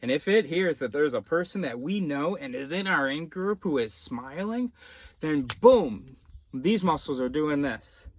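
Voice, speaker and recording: A man's voice: a little high, expressive, measured pace, a little hiss or hum. A man vlogging in a casual monologue, rambling off on tangents and cutting himself off mid-phrase. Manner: rambling, self-interrupting, tangential.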